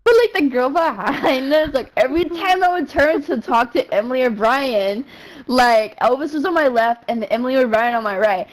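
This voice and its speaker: A young woman streamer telling a story in casual, slangy, profane talk full of fillers, animated and quick to laugh. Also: sits high, low-quality recording. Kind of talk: casual storytelling while gaming.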